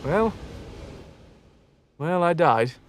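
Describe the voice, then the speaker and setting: A young man streaming a game live, chatting excitedly to his viewers with swearing and jokey asides. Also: fairly high pitch, very slow. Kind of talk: live gameplay commentary.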